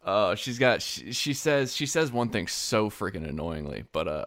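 Casual podcast co-host, male, lowish voice, lively and jokey, dry close sound. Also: moderate pace, no echo. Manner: animated, laughs often, mimics voices. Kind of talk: casual chat.

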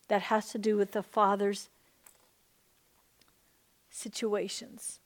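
A woman's voice: mid-range voice, level tone, slow, pauses often. A middle-aged woman pastor leading an earnest, fervent prayer during a sermon.

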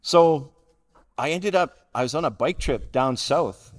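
A man's voice: on the high side, measured pace. A middle-aged man tells his own story to a gathering in a wry, self-deprecating way. He keeps a dry sense of humour and chuckles at his own jokes between lines. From Calgary, Canada. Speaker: guest speaker at a recovery roundup. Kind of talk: humorous personal storytelling talk.

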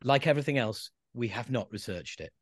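A man's voice: medium pitch, lively intonation, brisk. A man hosting a football podcast in casual chat, with sweary, self-mocking humour. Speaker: podcast host.

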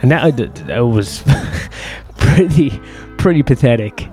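A man's voice: medium pitch, expressive, unhurried, mellow, soft background music. A man, telling a long personal story in a rambling, profane, self-deprecating way. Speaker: host.

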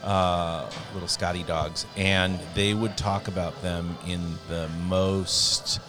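A man co-hosting a casual chat, talking in a dry, deliberate way with many pauses and fillers. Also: deep voice, steady tone, music in the background.

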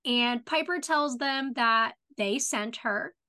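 A woman's voice: a little high, slow pace, sharp tone. A woman co-hosting a podcast, recapping a TV episode in casual, effusive chat full of "like" fillers. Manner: chatty and effusive, many "like" fillers. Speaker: podcast co-host.

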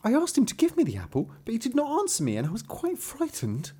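A man voicing a frightened little girl in a spoken fairy tale, pitched high and tearful. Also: wildly swooping pitch, quick pace, mellow, breathy edge, heavily acted. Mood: worried.

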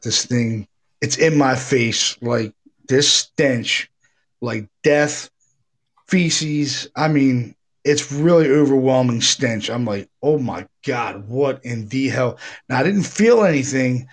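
A middle-aged man, a paranormal investigator, telling a ghost story in a casual, rambling way, swearing freely and acting out what people said. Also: mid-range voice. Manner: rambling, profane, animated retelling with acted quotes.

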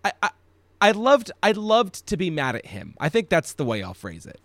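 A man co-hosting a casual film podcast, animated, with many stammering restarts and an occasional swear. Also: sits high, moderate pace, no echo. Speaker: podcast co-host.

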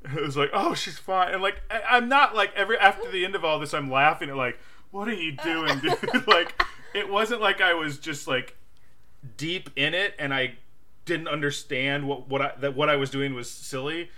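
A young man casually telling a funny story on a podcast, laughing often and acting out quotes in a loud high voice. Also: moderate pace, a little hiss or hum. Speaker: podcast co-host.

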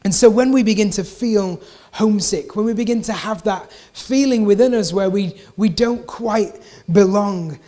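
Preacher repeating lines for emphasis. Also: medium pitch. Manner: repeats key phrases for emphasis; relaxed, chatty asides. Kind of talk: conversational sermon.

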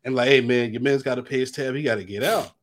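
A man's voice: medium pitch, fast. A young man co-hosting a podcast, telling a long story in casual chat, acting out quotes with heavy slang and lots of fillers. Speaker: podcast co-host.

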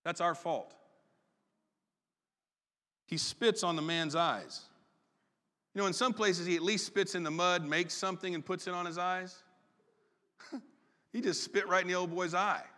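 A man preaching a sermon as pastor, folksy and conversational with quick asides. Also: high voice, steady tone, bright, forceful tone. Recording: long reverb in a large hall.

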